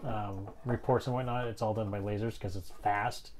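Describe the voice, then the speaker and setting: A man's voice: on the low side, normal speed, a little hiss or hum. A man co-hosting a live craft stream, casually reading viewer comments aloud and chiming in with his own remarks. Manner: relaxed, reads comments aloud and chimes in.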